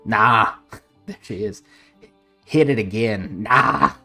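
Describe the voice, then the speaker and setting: A streamer casually commenting on a game while reading its text aloud, blunt and quick to swear and laugh. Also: mid-range voice, soft background music. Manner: blunt, swears, laughs, reacts loudly to choices.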